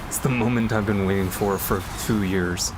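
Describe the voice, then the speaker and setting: A man's voice: fairly low pitch, background noise. A man streaming a game, chatting casually with lots of fillers and laughs. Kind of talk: casual gameplay commentary. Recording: voice over loud game music.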